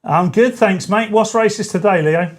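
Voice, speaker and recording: A man, hosting a live-stream show in a chatty, joking way with quick asides. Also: high voice. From England. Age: 40s. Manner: chatty, jokey, self-correcting asides. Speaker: show host. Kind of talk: casual live-stream chat.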